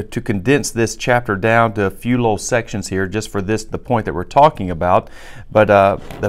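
Low-voiced male pastor giving a sermon. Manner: conversational, explains as he reads scripture aloud. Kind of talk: recorded sermon teaching.

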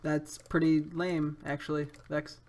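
A man's voice: a little high, little pitch movement, unhurried, darkish tone, a little hiss or hum. A young man playing an online game and chatting with a friend, joking and teasing with sudden yelps. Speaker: gaming YouTuber. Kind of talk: casual gaming chat.

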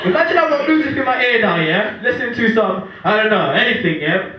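A man, doing excitable, self-mocking stand-up comedy at a live venue. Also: high voice, fast talker, crowd noise. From Angola. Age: 20s. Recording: distant, echoey live room, audience noise.

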